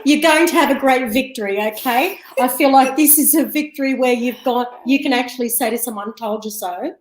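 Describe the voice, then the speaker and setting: A fairly high-voiced woman gives psychic readings in a chatty, giggly way, calling her viewers love and darling. The sound bounces around a roomy space. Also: brisk. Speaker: psychic reader hosting a live show. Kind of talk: live psychic tarot reading.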